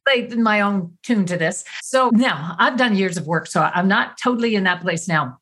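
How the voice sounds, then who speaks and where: A woman host talks in a casual podcast interview, her voice mid-pitched and a bit husky. She is reflective and halting, often breaking off and restarting her thoughts. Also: lively intonation, a bit bright.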